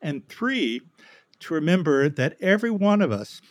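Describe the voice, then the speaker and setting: A man as guest author in a podcast interview, speaking in a measured, reflective way and clearing his throat now and then. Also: on the high side, very animated, no room sound.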